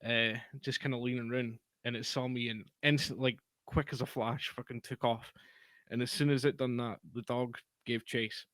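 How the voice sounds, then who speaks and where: A man's voice: medium pitch, fairly even intonation, normal speed, a bit bright, dry recording. Man, casual podcast chat, sweary, rambling, dry recording. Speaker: podcast co-host.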